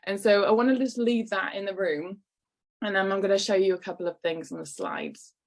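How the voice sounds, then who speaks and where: A woman's voice: medium pitch, big pitch swings, a little fast. A woman giving an encouraging online workshop talk to business owners over a video call. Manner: encouraging, lightly acts out quoted voices.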